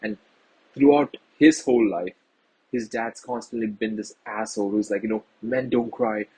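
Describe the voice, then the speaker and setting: A man's voice: on the low side, normal speed, mellow, breathy edge, low-quality recording. A man giving a casual, rambling film review to his viewers, earnest and full of fillers.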